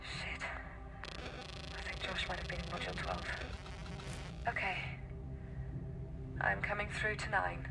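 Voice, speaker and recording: A woman's voice: medium pitch, little pitch movement, measured pace, pauses often, over loud music, rough recording. An actress playing a stranded female astronaut in a game, talking in urgent, anxious bursts. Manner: urgent, anxious, radio-like calls. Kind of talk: video game dialogue. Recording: game audio with clear background hum.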